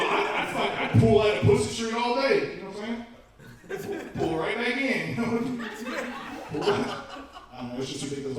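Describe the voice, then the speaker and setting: A man doing a profane, animated stand-up set in a comedy club, incredulous and ranting. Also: high-pitched. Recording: echoey club from far off, crowd.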